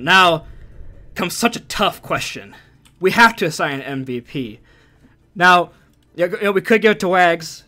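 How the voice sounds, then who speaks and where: A man doing play-by-play commentary as an esports caster, excitable and rising to shouts on big plays. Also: high-pitched, unhurried, long pauses.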